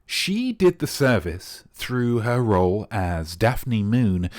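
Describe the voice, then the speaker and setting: A man's voice: on the low side, big pitch swings, takes it slowly, a little mellow. An English man with a refined RP accent, hosting a live-streamed character comedy show in a grandiose, theatrical manner. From England. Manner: grandiose, theatrical, playfully pompous. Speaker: streamer host.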